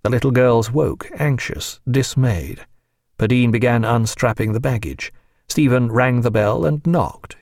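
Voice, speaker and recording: A man narrating a novel in a measured, even audiobook reading. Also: mid-range voice, vocal fry, no echo, studio quality. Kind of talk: scripted narration.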